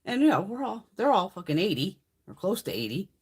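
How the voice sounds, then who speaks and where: A woman's voice: mid-range voice, big pitch swings, a little fast, darkish tone, husky. A woman in her fifties hosting a casual live stream, chatting and telling rambling stories, swearing freely. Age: 50s. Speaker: beauty live-stream host.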